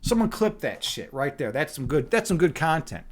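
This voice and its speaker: Speaking at a moderate pace with a sing-song, fairly high voice, this Chicago livestream host chats casually and rambles, relaxed, often repeating himself and dropping "dude" and "man."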